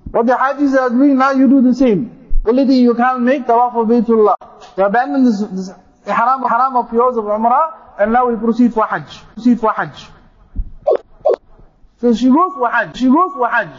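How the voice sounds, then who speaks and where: A man's voice: very high-pitched, normal speed, dull audio. A man, a mufti, preaching a sermon, repeating phrases for emphasis and reciting Arabic quotations. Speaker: mufti giving a talk.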